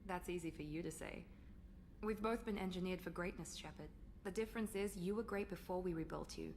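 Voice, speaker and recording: A woman's voice: fairly low pitch, brisk, a little mellow, a little hiss or hum, close to an everyday voice. A woman playing a proud, cool officer. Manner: cool, composed and self-assured.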